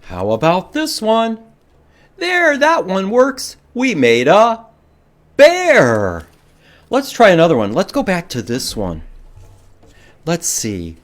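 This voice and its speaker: During a children's storytime, a male librarian reads a picture book with animated expression and big rises and falls in pitch. He takes it slowly, stretching out the big moments, and frequently stops to question his young audience.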